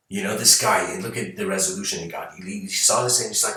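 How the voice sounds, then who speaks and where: A man's voice: fairly low pitch, fairly even intonation, brisk, few pauses, sharp tone. A man telling a story as a rambling talk, hesitant and full of restarts. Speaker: channel host giving a talk. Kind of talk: rambling spoken storytelling lecture. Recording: very echoey room, far from mic.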